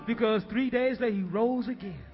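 A preacher man with a strikingly high voice, delivering a sermon in rolling, rhythmic call-and-response phrases that swell into shouted refrains. The recording is dull and lo-fi, with music playing clearly underneath. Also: fairly quick.

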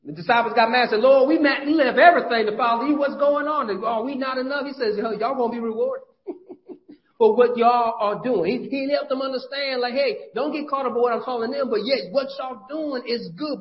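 A male pastor preaching a sermon in a conversational, folksy way, with frequent restarts. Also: extremely high pitch. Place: church. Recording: dull lo-fi church audio.

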